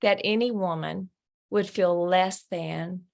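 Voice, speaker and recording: A woman's voice: on the low side, slow pace, vocal fry. Earnest woman telling a faith story. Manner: earnest, animated storyteller who acts out quoted voices. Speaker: guest, ministry founder. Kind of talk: conversational interview storytelling.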